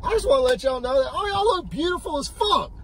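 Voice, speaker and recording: Young male co-host, high bright voice, swings all over in pitch, crude banter. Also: fast, slight background noise. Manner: animated, joking, bursts into shouting. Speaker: reaction channel co-host.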